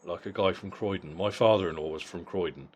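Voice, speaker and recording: Deep-voiced blunt man reviewing a boxing fight. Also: fairly quick, muffled recording. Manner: blunt and profane, with frequent repeated words. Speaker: boxing vlogger.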